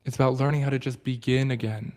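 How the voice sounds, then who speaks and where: A man hosting a book study livestream, with a mellow, warm tone. He talks earnestly and reflectively and often sinks into a hushed, quiet delivery. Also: fairly even intonation, fast. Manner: earnest and reflective, often drops to a soft low voice.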